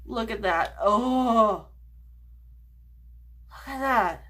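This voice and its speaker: Slow-talking, bright-voiced gushing woman. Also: on the high side. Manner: gushing, swears freely, gasps and drifts to whispers. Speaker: beauty vlogger. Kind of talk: casual chatty makeup vlog.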